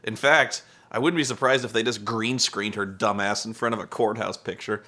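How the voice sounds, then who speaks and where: A man's voice: on the low side, fairly even intonation, normal speed, bright, forceful tone. A man giving a profane, exasperated comedic rant while recapping a wrestling show, mimicking wrestlers.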